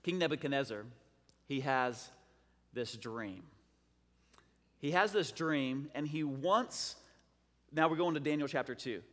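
A man's voice: medium pitch, measured pace, pauses often, fairly bright tone. A man preaching a sermon in a conversational, storytelling way. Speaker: pastor. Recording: long hall reverb.

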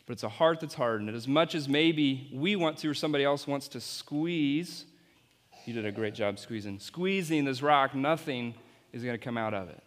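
A man's voice: medium pitch, expressive, normal speed, a bit bright. A man, apparently a youth pastor, giving an object-lesson sermon and playfully coaching volunteers on stage. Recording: long hall reverb.

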